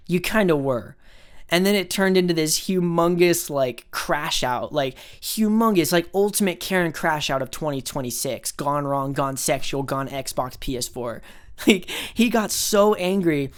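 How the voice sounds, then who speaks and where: Picture a young adult talking straight to camera in a loose storytime rant. The voice sits at an ordinary middle pitch, and the talk runs on with "like" and "um," swear words and scornful little asides. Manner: rambling, filler-heavy, profane, with scornful asides. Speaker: vlogger.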